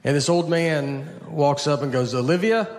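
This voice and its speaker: Deadpan stand-up man. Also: on the high side, a little slow. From Tennessee. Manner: deadpan, rambling, self-deprecating. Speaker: stand-up comedian. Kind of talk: stand-up set. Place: theater stage with a laughing audience. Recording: live stage recording with clear noise.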